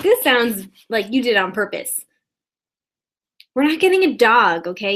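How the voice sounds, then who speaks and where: A woman riffs through an improvised comedy monologue with a slightly high voice. She wanders from thought to thought and keeps a mock-earnest tone. She pushes that tone into exaggerated outrage. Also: sing-song, measured pace, long pauses, a bit bright. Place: indoors at a desk.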